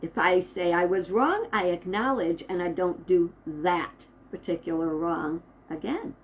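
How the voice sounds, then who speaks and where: Woman minister, inspirational talk to camera, slow measured delivery, emphatic pauses. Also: lowish voice, poor audio.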